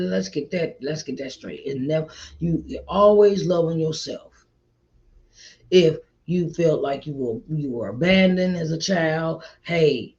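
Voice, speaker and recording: A middle-aged woman hosting an inspirational faith talk, repeating her points warmly and calling listeners child and honey. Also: sits low. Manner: repetitive, encouraging, calls listeners child and honey. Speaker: host. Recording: slightly dull lo-fi audio.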